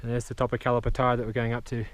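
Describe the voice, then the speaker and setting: A young man narrating a travel vlog outdoors on a high mountain trail, upbeat and joking, short of breath from climbing, on a handheld camera mic. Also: monotone, rapid-fire. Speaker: travel vlogger.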